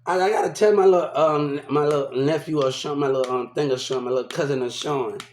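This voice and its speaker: A man's voice: a little high, fast, darkish tone, slight background noise. Rambling New man, echoey room. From New Orleans. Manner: rambling, profane, repeats himself. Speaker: vlogger. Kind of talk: casual rambling storytelling.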